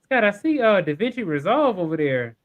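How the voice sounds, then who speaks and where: A man guesting on a live podcast talks about his channel in a rambling, upbeat way. His voice sits fairly high, and his sentences are full of fillers. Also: big pitch swings, brisk, narrow, tinny audio. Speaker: guest YouTuber. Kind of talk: casual interview chat.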